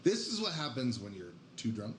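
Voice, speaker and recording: A man's voice: mid-range voice, very animated, normal speed. Crude joking man with an echoey mic. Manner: profane, joking, laid-back. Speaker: podcast co-host. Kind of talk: crude casual chat. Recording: echoey room with loud background noise.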